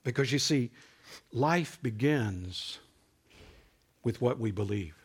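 A man preaching a sermon in a conversational, animated way, building to emphatic peaks. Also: mid-range voice, slow, gravelly, slightly rough.

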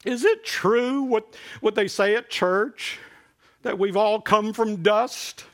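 A man's voice: takes it slowly, fairly bright tone, exaggerated voice. A man voicing a scared, crying little boy in a joke within a sermon. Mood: worried. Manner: high wailing childlike voice.

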